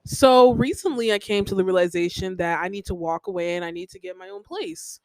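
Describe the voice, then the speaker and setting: A woman's voice: medium pitch, a little fast, no echo, poor audio. A young adult woman hosting a podcast, venting in a casual personal monologue with many "like" fillers, repeating herself. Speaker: podcast host.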